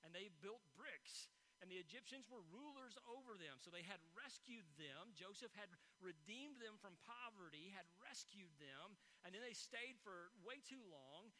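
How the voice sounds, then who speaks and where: A male pastor preaches, retelling scripture as a lively story and stopping to ask his congregation rhetorical questions. His voice sits high and rings very bright, with words repeated as he builds toward a point. A faint hum of noise runs behind him. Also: poor audio. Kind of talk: sermon.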